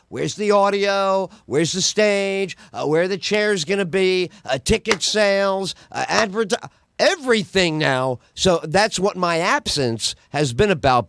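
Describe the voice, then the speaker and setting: A man hosting a podcast as a comedian, telling jokes in an energetic, animated way and laughing at his own bits. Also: sits high, no room sound, studio quality.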